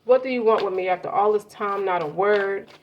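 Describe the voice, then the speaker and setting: A woman's voice: mid-range voice, brisk, a little hiss or hum, natural voice. A woman voicing a hurt woman who reproaches her returned lover with pleading questions. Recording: muffled lo-fi audio.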